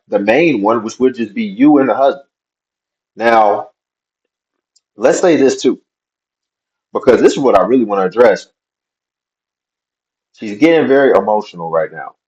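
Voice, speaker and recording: A man's voice: mid-range voice, darkish tone, muffled recording. A man commenting on a video clip, skeptical and questioning, with a wry edge. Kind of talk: reaction commentary.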